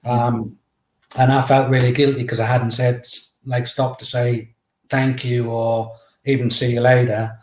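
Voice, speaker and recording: A man, a podcast guest telling a story in a lively, chatty way and acting out the quotes. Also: medium pitch, measured pace. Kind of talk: anecdotal storytelling. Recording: roomy echoey room.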